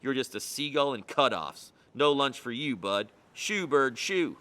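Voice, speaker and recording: A man's voice: mid-range voice, lively intonation, measured pace, bright, forceful tone, clear, resonant tone. A man reading a picture book aloud, voicing a young boy who bluntly scolds and shoos a seagull. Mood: unimpressed. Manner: scolding, exasperated.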